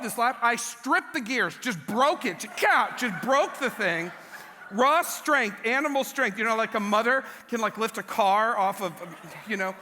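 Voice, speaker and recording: Animated, bright-voiced male pastor. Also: very high voice. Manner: animated storytelling, self-mocking humor. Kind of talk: sermon. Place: large church hall. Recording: long church hall reverb.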